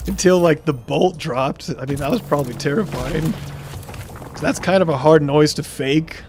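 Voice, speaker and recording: A man's voice: fairly high pitch, moderate pace, gravelly, darkish tone, slight background noise. A young man streaming, telling a story casually and reading chat comments aloud, laughing now and then.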